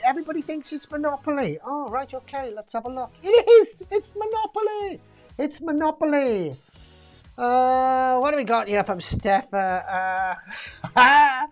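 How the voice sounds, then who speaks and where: Chatty woman hosting a quiz. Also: mid-range voice. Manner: chatty, jokey, reads out answers, laughs often. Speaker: pub quiz host. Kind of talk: casual live-stream quiz hosting.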